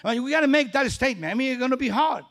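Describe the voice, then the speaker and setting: An extremely high-pitched man's voice races along as a male pastor preaches a sermon in English, which isn't his first language. He tells stories with animation and acts out dialogue, his phrasing clearly non-native.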